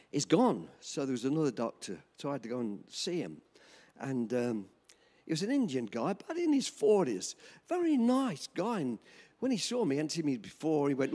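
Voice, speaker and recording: A man in his seventies preaching a sermon, telling a personal story in an animated, chuckling way. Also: on the high side. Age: 70s. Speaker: pastor.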